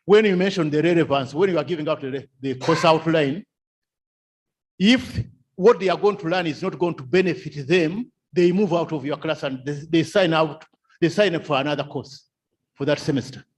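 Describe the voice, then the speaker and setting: In a seminar room, a man lectures at a moderate pace in a voice on the high side. His style is repetitive, full of rhetorical questions and frequent chuckles.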